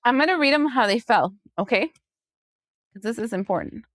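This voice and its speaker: A woman giving a casual tarot reading, sassy and chatty, acting out other people's voices with big jumps in pitch. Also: expressive, normal speed, fairly bright tone, dry recording, studio quality. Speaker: tarot reader.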